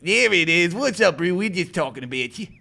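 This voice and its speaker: A man's voice: sits high, expressive, a little fast, gravelly, pushed and bright. A man co-hosting a chat show, joking around in a mock New Zealand accent and repeating goofy slang. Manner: playful, keeps repeating goofy slang catchphrases. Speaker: co-host.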